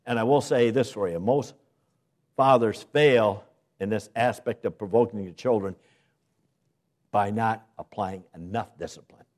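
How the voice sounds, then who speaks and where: A male pastor preaching a sermon to his congregation, with dramatic pauses and emphatic rises on key words. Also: on the low side. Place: church.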